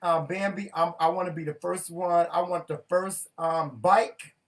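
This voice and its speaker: A man from North Carolina co-hosting a casual chat show, talking in a playful, teasing, animated way. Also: high voice, normal speed, distant mic. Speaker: co-host.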